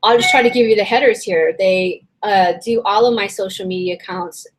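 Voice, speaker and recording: A woman hosting a casual online business session. She talks in a chatty, rambling way, full of fillers and restarts, and her voice is a little hoarse and strained. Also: mid-range voice, a little fast, rough recording. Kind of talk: casual webinar teaching.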